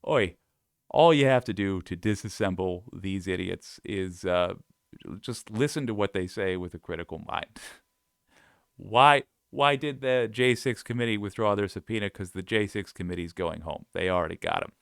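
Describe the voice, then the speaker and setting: A man's voice: low voice, normal speed, gravelly, clear, resonant tone, no echo, clean studio sound. A man hosting political commentary, reading quotes aloud and mocking them in a sarcastic, scoffing way. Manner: sarcastic, scoffing, frequent laughs.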